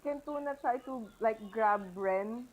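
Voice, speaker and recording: A woman with a Filipino accent playing a tabletop game, excitable and quick to laugh. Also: a little high, a little hiss or hum, low-quality recording. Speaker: player.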